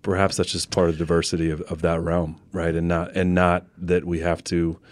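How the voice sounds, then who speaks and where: A man's voice: deep voice, flat delivery, fairly quick, dry recording, studio quality. A man, a guest co-hosting a podcast, chatting casually and dropping joking asides. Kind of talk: casual conversation.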